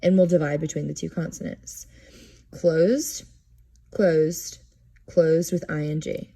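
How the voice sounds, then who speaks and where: Woman teacher with a mellow, slightly husky voice, guiding a class through a lesson one step at a time. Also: fairly low pitch, animated, takes it slowly. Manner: step-by-step, modeling each step aloud. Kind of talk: classroom instruction on syllabication.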